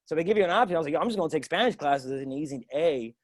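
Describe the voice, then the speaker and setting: A young man from the Dominican Republic doing a loose, animated stand-up set from his home balcony, acting out quoted voices. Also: a little high, rapid-fire, dry recording. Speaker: stand-up comic. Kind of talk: stand-up set on a video stream.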